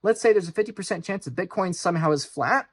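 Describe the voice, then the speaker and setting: A man hosting his own finance channel, speaking in an urgent, insistent monologue with piled-up repeated phrases, swinging between low, grave warnings and loud, mocking outbursts. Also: animated, fast, husky. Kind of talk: direct-to-camera monologue.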